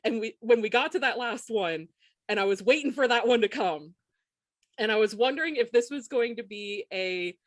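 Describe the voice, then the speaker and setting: A woman's voice: on the high side, dry recording. Laughing woman co-hosting a podcast, dry sound. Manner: laughs often, quick when excited. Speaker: podcast co-host. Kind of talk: casual podcast chat.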